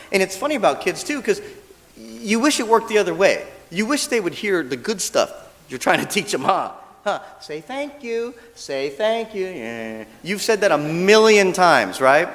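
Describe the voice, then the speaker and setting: A man's voice: high voice, normal speed. A male minister giving a casual, humorous dharma talk, often checking in with the audience. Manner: animated, acts out quoted voices, asks audience "right?". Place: church hall. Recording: long hall reverb.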